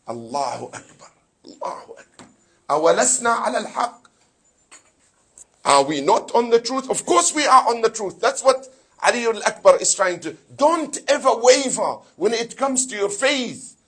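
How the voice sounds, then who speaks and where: A man preaching a sermon with fervor, his voice high-pitched and noticeably husky. He throws rhetorical questions at his congregation and slips Arabic phrases and scripture recitation into his English. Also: sing-song, normal speed, a bit bright. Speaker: sheikh giving a Muharram lecture.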